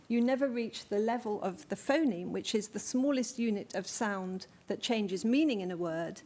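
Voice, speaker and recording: At a conference venue, a woman lecturer gives a talk, explaining things carefully though with some fillers and restarts. Her voice is medium-pitched and a little mellow.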